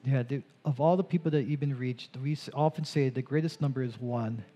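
A man pastor interviewing a church member onstage during a service, chatty and animated, with quick asides. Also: mid-range voice.

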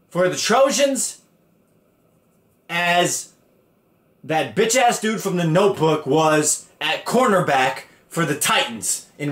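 A man's voice: on the high side, a bit bright, roomy sound. A man hosting a podcast, crudely and animatedly retelling a story and acting out the characters' lines. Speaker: podcast host. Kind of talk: profane comedic retelling.

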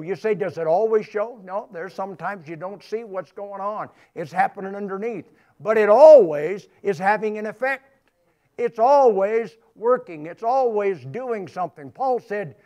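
A man pastor preaching a sermon in church, emphatic and repetitive, rising in bursts. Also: high-pitched. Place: church sanctuary.

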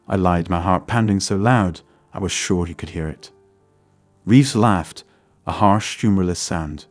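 A man narrating a scripted first-person story in a steady, even read. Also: deep voice, unhurried, no room sound, soft background music.

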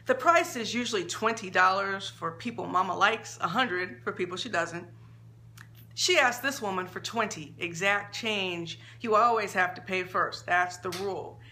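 A woman author reading her own short story aloud in an expressive, measured storytelling manner. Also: medium pitch.

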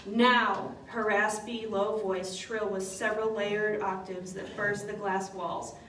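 A woman writer giving a dramatic, expressive live reading of her own story and poem in an art gallery. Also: mid-range voice, takes it slowly, slight background noise. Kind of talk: live spoken-word reading with music. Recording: echoey gallery from far off, loud tuba music.

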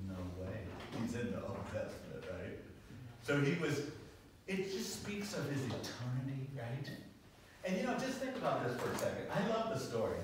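A man teaching a Bible doctrine class as pastor, animated and full of rhetorical questions, often asking "right?". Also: medium pitch, normal speed. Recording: echoey classroom from far off, noisy.

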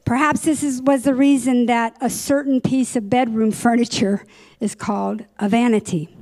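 A woman teaching a church Bible lesson, reading verses and explaining them in a deliberate way, sometimes correcting herself. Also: a little high, darkish tone.

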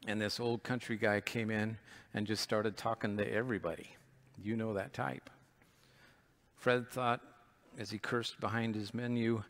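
Pastor preaching a story-driven sermon. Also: male voice, mid-range voice, fairly even intonation, a little slow, long pauses, fairly bright tone. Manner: storytelling, earnest. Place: church.

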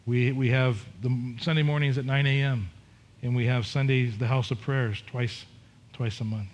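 A man's voice: mid-range voice, fairly even intonation, moderate pace. A middle-aged man preaching a sermon as pastor, candid and conversational, with frequent restarts and repetitions.

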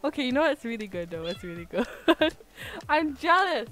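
A woman's voice: sits high, sing-song, fairly quick, fairly bright tone. A woman streaming a building game, chatting in a self-mocking way and breaking into laughs and squeals. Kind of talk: casual game-stream commentary.

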